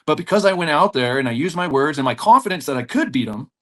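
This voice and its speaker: A man's voice: on the high side, quick pace. A man who runs a jiu-jitsu school, guest on a podcast, telling stories with energy, acting out the people in them and laughing often. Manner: animated storyteller, acts out voices, laughs often. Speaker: jiu-jitsu black belt and gym owner, podcast guest. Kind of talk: storytelling in a podcast interview.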